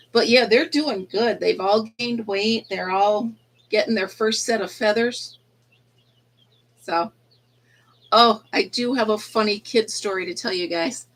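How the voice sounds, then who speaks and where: On poor audio, a woman with a mid-range, slightly bright voice livestreams by phone from an indoor yarn room, chatting casually, laughing often, and cooing at cheeping baby chicks while relating an anecdote about school absences.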